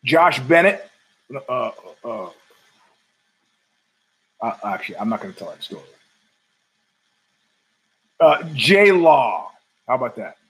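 A man's voice: mid-range voice, sing-song, slow, long pauses, fairly bright tone, poor audio. A man hosting his own show from home, ranting in a profane, sardonic and digressive way. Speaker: podcast host. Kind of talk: ranting solo commentary.

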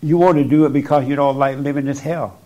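A man with a medium-pitched, warm, steady voice talks fast into a microphone as he offers spiritual counsel to a person before him. His manner is blunt and insistent, and he keeps repeating his points to hammer them home.

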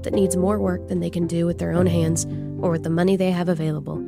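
A woman narrating a documentary story in a measured, explanatory tone. Her voice is low and gravelly. Plucked guitar music plays clearly behind her. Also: level tone. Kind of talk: scripted narration.

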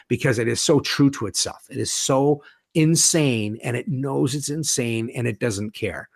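A man chatting enthusiastically as a guest, animated, with casual swearing. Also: mid-range voice, normal speed, gravelly, dry recording, clean studio sound. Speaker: guest, horror author and podcast host. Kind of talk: casual conversation.

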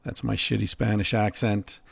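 A middle-aged man hosting a podcast, musing in an unhurried, casual way and swearing now and then. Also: lowish voice, flat delivery, vocal fry, fairly bright tone, breathy edge, no room sound. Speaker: podcast host. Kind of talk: reflective casual monologue.

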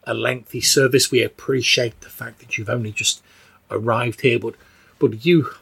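A man's voice: medium pitch, steady tone, moderate pace, vocal fry, fairly bright tone, slightly rough. A man voicing a frail, fussy old female churchgoer who stammers and repeats words, out of breath. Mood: eager.

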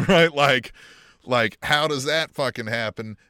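A man co-hosting a wrestling podcast, excitable and profane, acting out quotes in a higher voice. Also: measured pace, clear, resonant tone, no room sound, clean studio sound. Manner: excitable, swears a lot, acts out quotes in a higher voice. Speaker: podcast co-host. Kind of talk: casual wrestling chat.

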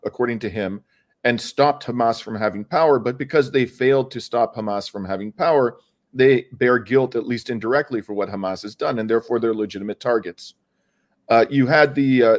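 A man's voice: medium pitch, a little mellow. A man who is a lawyer, answering interview questions with a careful, earnest legal argument, stressing key words and using many fillers and restarts.

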